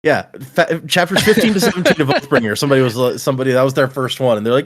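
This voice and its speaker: Animated man hosting a podcast. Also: medium pitch, very fast. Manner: animated, laughs a lot, friendly. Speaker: podcast host. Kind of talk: casual book-club chat.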